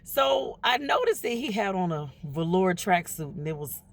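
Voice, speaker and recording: A woman's voice: medium pitch, very animated, normal speed. A woman telling a personal story in a casual, chatty way to her viewers, acting out what other people said. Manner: chatty, addresses viewers directly, acts out quoted voices.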